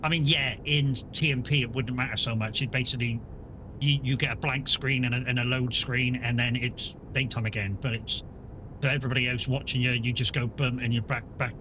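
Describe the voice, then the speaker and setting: Chatty male streamer over engine rumble. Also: brisk. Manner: chatty, rambling, laughs often. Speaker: streamer playing a truck game. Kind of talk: casual live-stream chat. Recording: steady truck rumble behind voice.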